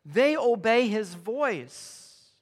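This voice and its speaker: A man preaching a sermon, emphatic and animated, dropping to hushed tones and then rising to loud declarations. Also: high voice, very slow. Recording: long hall reverb.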